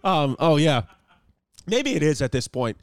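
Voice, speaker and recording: A young man hosting a podcast, loud and jokey, rambling into crude humor and host-read ads. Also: a little high, big pitch swings, a little slow, dry recording.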